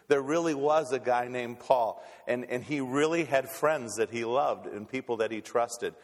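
A man's voice: medium pitch, normal speed. Preaching man in an echoing hall. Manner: repeats words on restarts, folksy. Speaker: pastor. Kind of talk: sermon. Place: church sanctuary. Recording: long reverb in a church hall.

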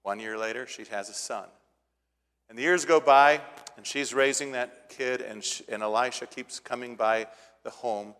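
A male preacher retells a scripture story in plain, conversational language, stopping now and then to restart a phrase. His voice sits at an ordinary pitch and climbs with force when he drives home a point. The sound carries a long reverb, as in a large hall. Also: a bit bright. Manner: retells scripture casually, rising to emphatic peaks. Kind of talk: sermon storytelling.

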